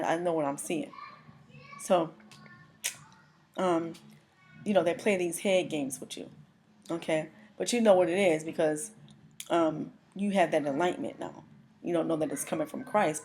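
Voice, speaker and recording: A woman with a low voice tells her own religious testimony. She speaks earnestly and with feeling, breaking off and starting sentences over again and again. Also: a little mellow, a little hiss or hum. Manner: halting, full of restarts and pauses; earnest and emotional. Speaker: person giving a testimony.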